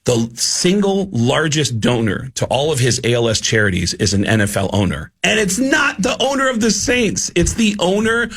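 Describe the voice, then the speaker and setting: A comedian guest in a radio studio, telling stories in a lively way and acting out the voices of the people in them. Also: male voice, fairly high pitch, moderate pace, hardly any pauses, husky, faint music behind. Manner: storytelling, animated, acts out quoted voices. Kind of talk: casual radio studio chat.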